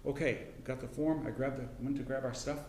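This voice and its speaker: A middle-aged man teaching a casual Bible class, folksy and rambling, with frequent restarts and throat clearing. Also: mid-range voice, fairly even intonation, fairly quick, reverberant, background noise. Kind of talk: casual Bible lesson with personal story. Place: church classroom.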